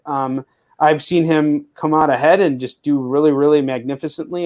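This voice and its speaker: A man's voice: mid-range voice, darkish tone. Male host, casual and candid, loose rambling delivery. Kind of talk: casual chat.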